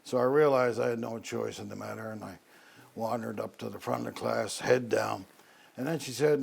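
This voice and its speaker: Gravelly older storyteller from Newfoundland. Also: male voice, medium pitch. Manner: unhurried, wry, with many "uh" pauses. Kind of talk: personal Christmas storytelling.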